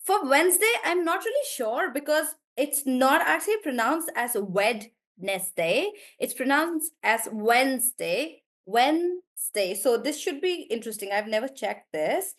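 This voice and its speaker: Young woman teacher, a little high, encouraging, checks words aloud on a video call. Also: lively intonation, moderate pace, few pauses, a bit bright. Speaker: online English teacher. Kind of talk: live online class, coaching students on syllables.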